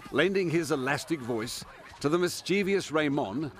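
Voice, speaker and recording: An Australian man narrating a TV feature and asking interview questions in a measured way. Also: on the high side, lively intonation, fairly bright tone. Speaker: TV reporter.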